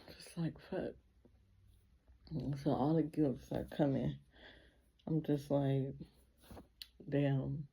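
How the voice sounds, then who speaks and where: A woman's voice: low voice, creaky, warm tone, breathy edge. A woman telling a personal story in a casual vlog, speaking emotionally and filling her sentences with repeated 'like'. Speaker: vlogger.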